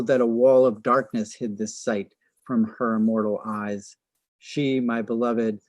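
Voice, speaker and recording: A man's voice: mid-range voice, darkish tone, no room sound, natural voice. A man reading the part of a tormented young chairman of a feast, speaking in a defiant, impassioned way.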